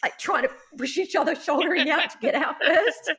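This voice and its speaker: A woman hosting a podcast, telling lively stories and acting out scenes, often laughing. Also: high-pitched, normal speed, a loud crowd. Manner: animated storyteller, acts out scenes, laughs. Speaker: podcast host. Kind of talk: casual chat.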